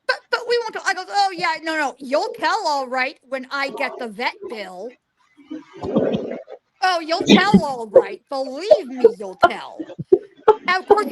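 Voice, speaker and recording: A woman's voice: high voice, poor audio. A woman in her forties telling stories emphatically as an interview guest, acting out animals' lines. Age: 40s. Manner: emphatic, lively, acts out animals' lines in quotes. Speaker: guest psychic. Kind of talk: animated storytelling in a remote interview. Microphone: remote call line.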